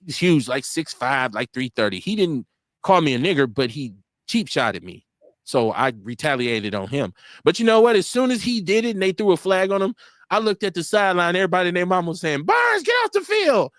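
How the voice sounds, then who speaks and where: A lively man in his forties spins stories on a casual internet talk show. His pitch sits a bit high and leaps around as he acts out voices. The mic is close and the sound dry, with no room in it. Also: brisk, no room sound. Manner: animated storyteller acting out quotes, swearing freely. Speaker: radio show host.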